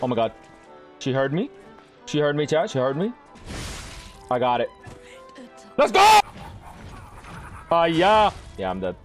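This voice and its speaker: A young man giving live gameplay commentary to his chat, excitable and swearing, often yelling at the game. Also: mid-range voice, normal speed, pauses often, music in the background. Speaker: gaming streamer.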